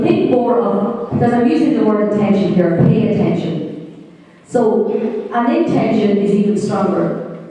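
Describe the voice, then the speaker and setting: Woman, conference speaker, mellow voice, engages the audience; far-off mic, long hall reverb. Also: mid-range voice. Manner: lively, questions the audience directly. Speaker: conference presenter. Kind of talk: conference presentation.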